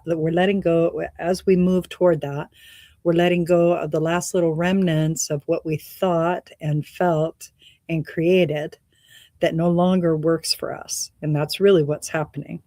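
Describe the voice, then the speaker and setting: A woman's voice: sits low, darkish tone, no echo, studio quality. A woman hosting a spiritual meditation talk, meandering and reflective with frequent laughs, slightly out of breath. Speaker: meditation and energy reading host.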